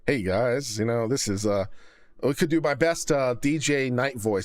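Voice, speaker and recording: A man hosting a casual live stream of legal commentary, talking in a dry, even tone with deadpan jokes, into a studio condenser mic. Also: mid-range voice, normal speed.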